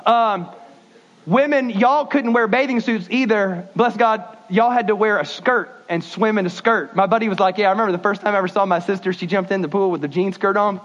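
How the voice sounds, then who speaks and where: Pastor guy, really high voice, lively folksy preaching, kinda muffled recording. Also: a little fast. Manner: animated, folksy preaching with sudden shifts in pace. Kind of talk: sermon. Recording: dull lo-fi sound.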